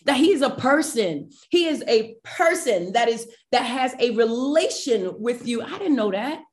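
A woman guest on a podcast, telling a personal faith story in an animated, emotional way and addressing listeners directly. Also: fairly high pitch, measured pace. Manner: animated, emotional, acts out quoted voices.

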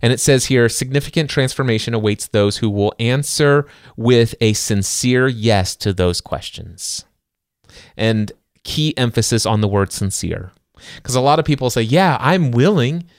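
A man's voice: medium pitch, normal speed, clean tone, no echo. A middle-aged man co-hosts a casual podcast in an earnest, faith-driven way. He leans hard on key words and acts out his own inner voice. His mid-range voice sounds dry and close. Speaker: podcast co-host. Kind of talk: casual book-discussion podcast.

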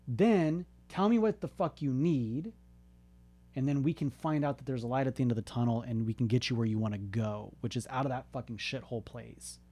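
A man's voice: medium pitch, warm tone. Blunt, profane man giving a fired-up pep talk. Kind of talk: candid motivational talk.

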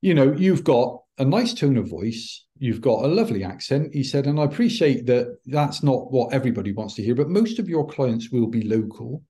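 A middle-aged man, a podcast guest, telling a personal story in an animated way and acting out the dialogue. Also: mid-range voice, normal speed, few pauses. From United Kingdom. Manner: animated, acts out quoted dialogue. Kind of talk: anecdotal storytelling.

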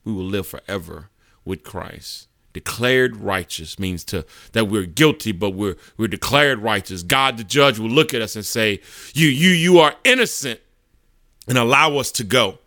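A man's voice: fairly low pitch, moderate pace, bright, forceful tone, no echo, clean studio sound. A man preaching a sermon, telling a vivid courtroom story and often repeating words as he goes.

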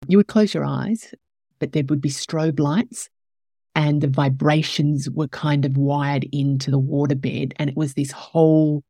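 A woman's voice: sits low, mellow, no room sound, clean studio sound. A woman hosting a podcast, telling a personal story in an emotional, candid way and growing teary as she talks. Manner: emotional, tearful at moments, candid with swearing. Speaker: podcast host.

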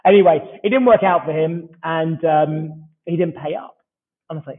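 A British man in his forties tells stories with animated energy, acting out each exchange of dialogue. His voice is a touch high and slightly husky, and it comes through a tinny, phone-like line. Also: fast talker. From United Kingdom. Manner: animated anecdotal storyteller who acts out dialogue. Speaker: startup founder, podcast guest. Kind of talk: casual storytelling interview.

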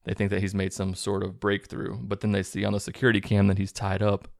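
A man with a low, gravelly voice talks through a film's plot in a loose, sarcastic way and slips into quick impressions of the characters. The sound is dry and close, with no room around it. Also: monotone, no room sound. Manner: sarcastic, acts out characters' lines in quick bits. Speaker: movie reviewer recapping a film. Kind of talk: casual film recap.

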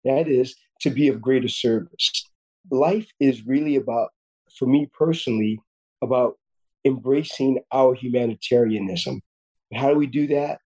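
An earnest man in his fifties, speaking as a podcast guest. His voice sits at a middle pitch with a dark, mellow tone. He tells a personal story and often restarts and repeats words. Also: moderate pace, slightly rough, low-quality recording. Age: 50s. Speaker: guest surgeon.

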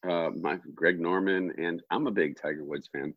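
Golf coach, middle-aged, very low and husky, a dry close sound, a bit dull and lo-fi, animated storyteller. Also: male voice, moderate pace, no echo. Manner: animated, acts out quoted voices. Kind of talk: casual storytelling chat.

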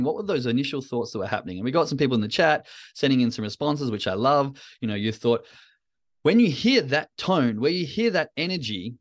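A man in a casual motivational talk, addressing his audience directly in a candid, coaching way. His voice sits at an ordinary middle pitch for a man. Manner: candid, coaching, speaks straight to listeners. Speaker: podcast host.

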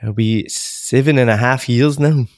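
A man in his forties from Scotland with a soft Glaswegian accent, a comedian guest telling stories slowly and carefully in a podcast interview. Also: mid-range voice, no room sound, clean studio sound. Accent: soft Glaswegian Scottish. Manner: slow, carefully enunciated storytelling.

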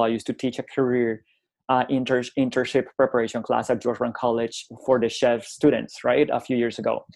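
A man's voice: medium pitch, vocal fry. A middle-aged man from Colombia, a native Spanish speaker, telling classroom stories as a guest and acting out the dialogue, often tagging on "right?". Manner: animated, acts out dialogue, frequent tag "right?". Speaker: college instructor and guest. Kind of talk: conversational storytelling.

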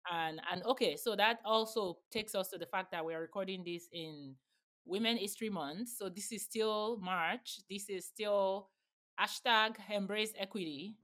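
A woman's voice: medium pitch, normal speed, a bit bright. A woman in her thirties hosting an interview podcast, affirming her guest and thinking aloud as she talks. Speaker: podcast host. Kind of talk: conversational interview.

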